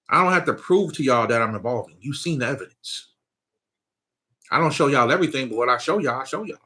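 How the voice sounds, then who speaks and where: A man with a medium-pitched, bright and forceful voice delivers a casual spiritual talk as a teacher to his viewers. His loose, conversational preaching is sprinkled with laughter and "you know what I'm saying," plus frequent checks that they follow him.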